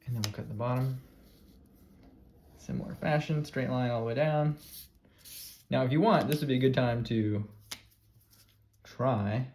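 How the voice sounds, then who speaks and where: A man's voice: mid-range voice, measured pace, pauses often, darkish tone. Guy teacher walking through a craft step by step, repeats cues, medium voice, lots of background noise and clicking. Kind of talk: classroom craft demonstration.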